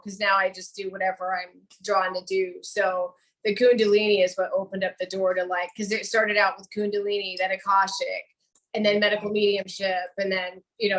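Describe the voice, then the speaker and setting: A woman's voice: mid-range voice, rough recording. Easygoing woman podcast co-host. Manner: relaxed, talks in long rambling runs. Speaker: podcast co-host, Reiki practitioner. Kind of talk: casual chat.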